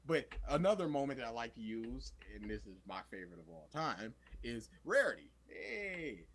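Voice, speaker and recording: A young man co-hosting a podcast in casual chat, animated and acting out scenes in quoted voices. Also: mid-range voice, normal speed, slightly rough. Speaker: podcast co-host.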